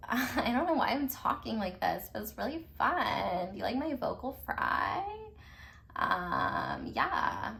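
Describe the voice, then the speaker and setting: A woman's voice: a little high, huge pitch swings, slow pace, creaky, bright, forceful tone. Chatty woman giving a tarot reading. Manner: chatty and emphatic, with frequent "like" and casual swearing; laughs often between remarks. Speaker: tarot reader. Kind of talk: casual pick-a-card tarot reading.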